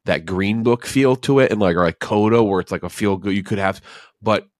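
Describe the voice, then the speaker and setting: A man's voice: lowish voice, fairly quick, no echo, clean studio sound. A man co-hosting a casual movie podcast, rambling through opinions with frequent restarts. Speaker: podcast co-host.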